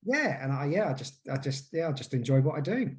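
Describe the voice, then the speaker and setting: A man's voice: a little high, big pitch swings, fairly quick. Hesitant man in his forties. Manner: hesitant, filler-heavy storytelling. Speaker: guest, hypnotherapist. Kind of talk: casual podcast interview.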